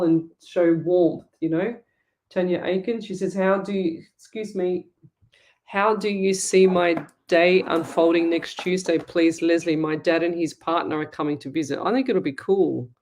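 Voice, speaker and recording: A middle-aged Australian woman hosting a live psychic show, chatting and reading viewer comments aloud in a warm, chatty way. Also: lowish voice. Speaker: psychic medium show host.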